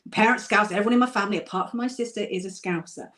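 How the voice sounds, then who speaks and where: A woman's voice: medium pitch, rapid-fire, fairly bright tone. A woman who grew up in Somerset, a guest author in a casual interview, talking in an easygoing, self-deprecating way with small laughs. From Somerset, England.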